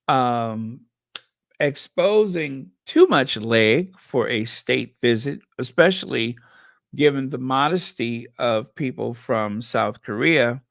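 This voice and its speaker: A man's voice: medium pitch, vocal fry, fairly bright tone, no echo, studio quality. A man hosting sarcastic gossip commentary, drawing out his words with sardonic emphasis and reading headlines and viewer comments aloud. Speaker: commentary channel host.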